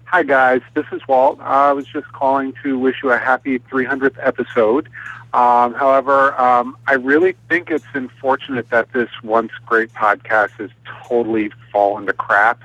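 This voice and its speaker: A man's voice: medium pitch, steady tone, normal speed, a bit bright, no room sound. Guy leaving a rambling voicemail, lots of ums, dull muffled line. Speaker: caller. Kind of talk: recorded voicemail call-in. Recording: muffled dry voicemail audio.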